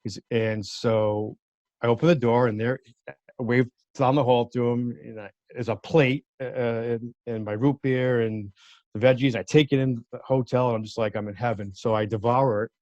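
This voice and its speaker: A man's voice: medium pitch, moderate pace, no echo. A man, a lawyer, telling a personal story as an interview guest, acting out the voices of people he quotes. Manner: animated storyteller who acts out quoted voices. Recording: dry, slightly dull sound.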